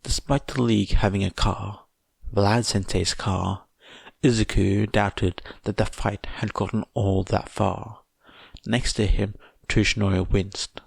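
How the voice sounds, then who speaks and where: A man reading fan fiction aloud as a podfic narrator, in a measured, even way. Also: lowish voice, vocal fry, breathy edge, no room sound. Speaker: podfic reader.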